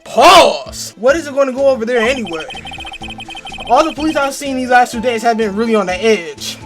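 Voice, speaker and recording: A woman streaming a game with loud, crude, laughing commentary over game music. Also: on the high side, expressive, brisk. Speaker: gaming streamer. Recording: game music playing behind.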